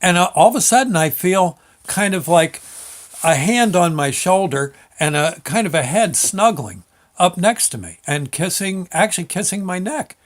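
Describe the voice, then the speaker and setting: An older man telling a personal memory in a casual, halting way, with many restarts and an amused tone. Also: high voice, lively intonation. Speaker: storyteller recalling a memory. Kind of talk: casual spoken recollection.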